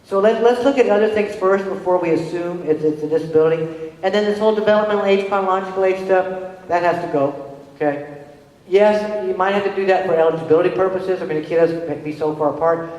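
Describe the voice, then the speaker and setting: Fast-talking woman in an echoey hall. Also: lowish voice, dull audio. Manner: conversational, keeps checking with the audience; animated storytelling with quick restarts. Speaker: presenter and parent. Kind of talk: conference presentation. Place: large hall with an audience. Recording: very echoey hall with long reverb.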